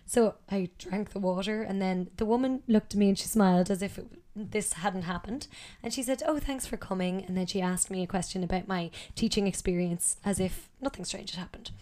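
A woman's voice: medium pitch, brisk, warm tone. A woman telling a personal story in a conversational way, with frequent ums and self-corrections.

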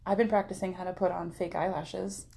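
A woman's voice: fairly low pitch, flat delivery, a little fast, creaky, mellow, slightly rough. A young woman co-hosting a podcast, chatting casually and laughing often. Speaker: podcast co-host. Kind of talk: casual chat.

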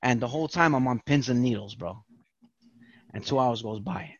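Animated and profane, this podcast guest spins a long story in casual conversation, doing the voices of its characters. He speaks at a normal speed in a mid-range voice, and the sound is lo-fi with no room sound.

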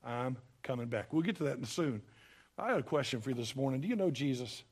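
A man preaching a sermon, folksy and emphatic, with sudden loud bursts. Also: mid-range voice, lively intonation, brisk, breathy edge. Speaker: pastor.

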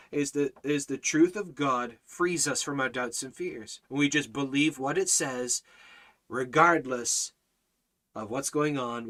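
Bright, forceful man preaching. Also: a little high. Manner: emphatic, repetitive preaching cadence; reads out viewer comments. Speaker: Bible study teacher. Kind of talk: livestreamed Bible study preaching.

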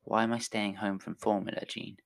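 Low gravelly guy reading a sci-fi story, quiet and close, drops to whispers. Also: little pitch movement, brisk. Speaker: narrator. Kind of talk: solo reading of a science-fiction story.

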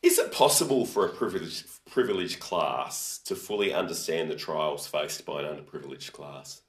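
Male podcast host, very low voice, chatty and loose, lots of restarts. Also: expressive, normal speed. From Australia. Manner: chatty, thinking aloud with frequent restarts. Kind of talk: casual conversational interview.

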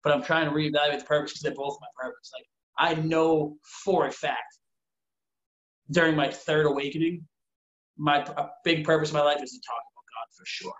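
A man's voice: fairly high pitch, steady tone, fairly quick, fairly bright tone. A man in casual chat, talking earnestly and at length, full of "like" and acted-out quotes. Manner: rambling, earnest, fillers of "like", acts out quoted dialogue. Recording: roomy, dull sound.

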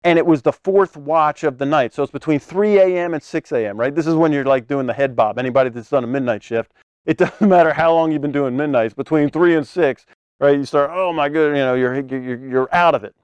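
A man preaching a conversational sermon, animated, acting out scenes with sudden loud bursts and laughing often between phrases. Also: fairly high pitch, a little fast, smooth, no room sound.

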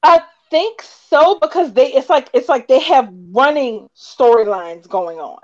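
A woman co-hosting a soap opera chat show, recapping episodes with animated retellings and acted-out quotes. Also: high voice, unhurried. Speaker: soap opera podcast co-host. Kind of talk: casual chat. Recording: dull lo-fi audio.

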